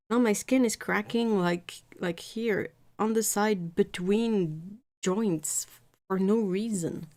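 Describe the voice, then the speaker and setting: A woman's voice: mid-range voice, darkish tone. A woman chatting casually on a live stream from her home painting desk, rambling with frequent restarts. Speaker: art streamer.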